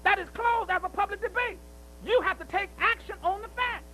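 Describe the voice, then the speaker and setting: A man preaches in a strikingly high voice, bright and forceful in tone. He drives his points home through repetition and keeps asking his listeners whether they follow him. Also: brisk, a little hiss or hum, low-quality recording. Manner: emphatic, repetitive, with rhetorical questions like "see?". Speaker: speaker at a commemorative celebration. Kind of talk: preaching-style speech.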